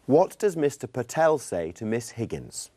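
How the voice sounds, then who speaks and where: A man co-presenting a scripted English lesson in a friendly, clear, instructive tone. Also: mid-range voice, very animated, normal speed.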